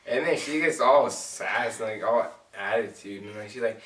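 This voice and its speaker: A young man co-hosting a couple's channel, telling their story in a joking, mock-dramatic way, often trailing off softly. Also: mid-range voice, normal speed. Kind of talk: casual storytelling chat. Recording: echoey room, far from mic.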